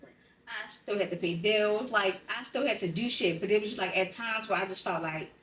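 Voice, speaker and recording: A woman in candid podcast conversation, speaking bluntly and with raw feeling, cursing freely. Her voice sits back from the mic in a roomy, echoing space, at a middling pitch. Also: moderate pace, fairly bright tone, a little hiss or hum. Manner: blunt, profane, emotionally raw storytelling. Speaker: podcast co-host. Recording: roomy sound, distant from the mic.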